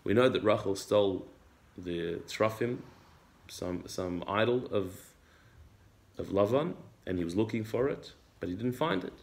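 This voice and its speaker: A low-voiced man teaching a religious text class. He reads Hebrew passages and then explains each one in plain English. His delivery is unhurried, with frequent repeated words. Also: lively intonation, creaky, a little mellow. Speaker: Torah teacher.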